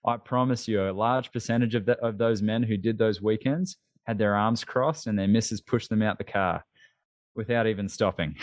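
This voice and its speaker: A man with an Australian accent, a podcast guest talking in a casual interview in an animated, emphatic and self-deprecating way. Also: fairly low pitch, moderate pace, no echo, studio quality.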